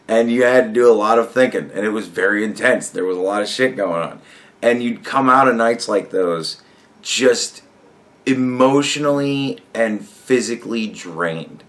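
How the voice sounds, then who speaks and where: A man's voice: medium pitch, fairly bright tone. A man giving a casual, profane, rambling reaction rant, often exasperated and breaking into laughter. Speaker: commentary vlogger.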